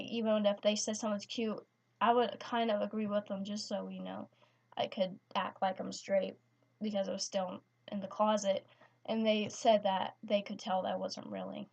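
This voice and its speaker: A woman's voice: medium pitch, darkish tone. Hesitant teenage girl, lo-fi sound. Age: teens. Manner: hesitant, many restarts and fillers. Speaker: vlogger. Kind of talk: personal story vlog. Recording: slightly dull lo-fi sound.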